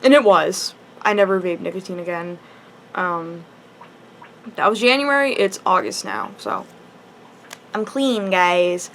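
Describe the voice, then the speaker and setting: A high school girl with a medium-pitched voice tells a personal story for her vlog, with a little hiss or hum in the audio. She rambles casually, restarting sentences and filling them with "like."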